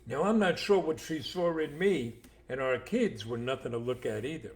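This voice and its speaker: An older man co-hosting a casual chat, telling jokes and stories with animated voices for the characters. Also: mid-range voice, normal speed. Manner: animated storyteller acting out voices. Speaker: co-host, father.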